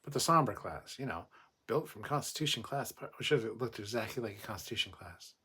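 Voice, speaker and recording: A man chatting on a casual livestream from home, reading comments and answering them bluntly. His voice is low and slightly husky, and he talks with a loose, swearing, opinionated manner. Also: animated, fairly quick, pushed and bright. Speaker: livestream host reading chat.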